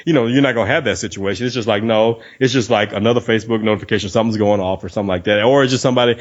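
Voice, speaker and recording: Man hosting, animated and joking. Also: mid-range voice, fast. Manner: animated storyteller who acts out quoted lines; laughs often, swears casually. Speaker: podcast host. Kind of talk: casual podcast chat. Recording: dull lo-fi podcast audio.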